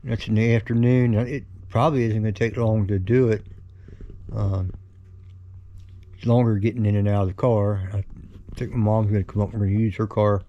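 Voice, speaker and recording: A very tired middle-aged man giving a halting, slow home video update, stumbling over words and yawning. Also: fairly low pitch, little pitch movement, highs cut off. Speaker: vlogger sharing his cancer journey. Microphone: camera held in his own hand.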